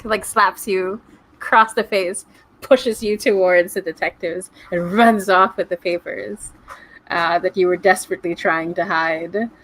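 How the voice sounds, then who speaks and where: A woman running a tabletop role-playing game over a video call, playful and animated, with dramatic gasps. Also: on the low side, measured pace, low-quality recording. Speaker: game master.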